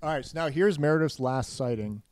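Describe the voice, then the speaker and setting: A man hosting a casual chat show, telling a story in a joking, animated way. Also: on the high side, a little fast, no room sound. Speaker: podcast host.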